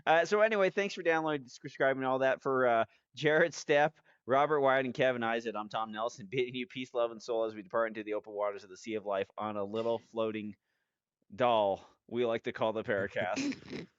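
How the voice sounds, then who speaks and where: A man's voice: mid-range voice, brisk, clear, resonant tone, no room sound, muffled recording. A man hosting a podcast who chats casually and makes wry jokes. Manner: wry, joking. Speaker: podcast host. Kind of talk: casual chat and sign-off.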